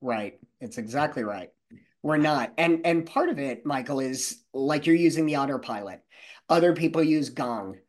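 A man's voice: mid-range voice, lively intonation, moderate pace. A man who trains salespeople, answering interview questions in a confident, coaching manner.

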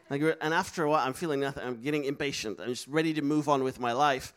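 A man's voice: medium pitch, quick pace, hardly any pauses, clear, resonant tone. A man preaching a sermon, telling a story with laughs and acting out the voices of people he quotes. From Netherlands.

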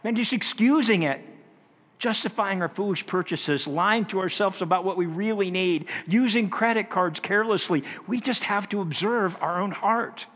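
A man's voice: high-pitched, moderate pace, a bit bright. A man preaching a sermon in an earnest, conversational way, swinging his voice up and down for emphasis. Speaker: pastor. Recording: long reverb of a large hall.

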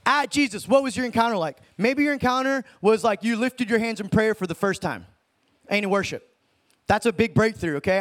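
High-voiced man preaching in slang. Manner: slangy, animated, talks in street terms like dude and bro. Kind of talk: informal sermon teaching.

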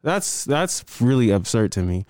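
A man's voice: mid-range voice, very animated, unhurried, a little mellow, no echo, clean studio sound. A young man co-hosting a podcast, talking loosely in casual chat with easy slang. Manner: laid-back, laughs often, loose slang. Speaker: podcast co-host.

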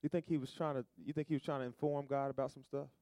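A man preaching a sermon in a call-and-response style, moving between soft asides and loud, stretched-out emphasis. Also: medium pitch, flat delivery, quick pace, no echo, clean studio sound.

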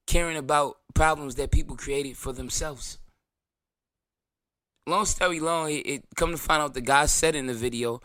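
On his own program, a New York-accented man unleashes a profane, defiant, brash rant, ridiculing critics with whiny voices. He sounds a little high, bright, and forceful, in a dry, clean studio recording.

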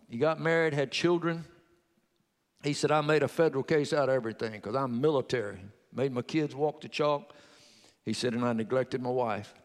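A man's voice: medium pitch, big-room sound. A man preaching a sermon, retelling a convert's testimony in story form and exhorting the congregation.

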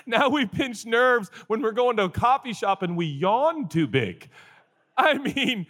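A man's voice: very animated, measured pace, fairly bright tone, big-room sound. A man in his forties, a pastor giving a sermon, who mixes comic storytelling and acted-out quotes with earnest questions. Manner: comic storytelling, acts out groans and quotes in a high voice.

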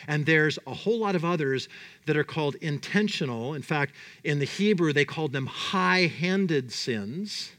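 Man, preacher, sermon, dramatic, lively swooping pitch. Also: moderate pace. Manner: animated, dramatic, voices God and Jonah in quotes.

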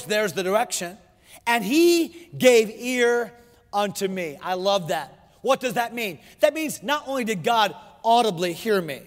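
A man's voice: extremely high pitch, long reverb tail. A pastor preaching a sermon to his congregation, emphatic, repeating his phrases and asking rhetorical questions.

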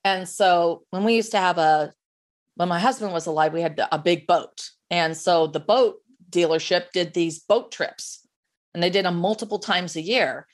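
A woman guest in an interview, animated and chatty, coaching on sales follow-up with frequent restarts. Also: fairly low pitch, moderate pace. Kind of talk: conversational interview, giving advice.

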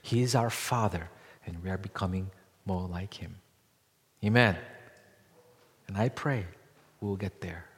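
Long pauses punctuate a male pastor's measured sermon, which carries a long hall reverb inside the church. Sometimes he speaks loudly and emphatically, sometimes in quiet, low asides, and he keeps putting rhetorical questions to the congregation.

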